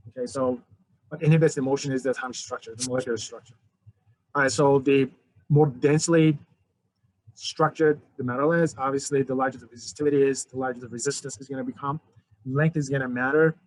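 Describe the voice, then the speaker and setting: Fast-talking male physics teacher. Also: medium pitch, low-quality recording. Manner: conversational, addresses students as guys, frequent restarts. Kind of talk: recorded lecture.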